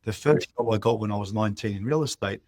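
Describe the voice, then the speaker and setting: Guesting on an interview, a real estate chief executive speaks fast in a fairly low voice. He tells his stories with animation, performing the lines of dialogue himself.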